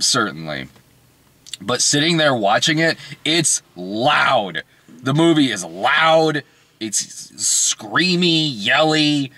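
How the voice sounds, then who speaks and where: A man casually reviewing a film in conversation, animated and often laughing. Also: medium pitch, extremely slow, dry recording.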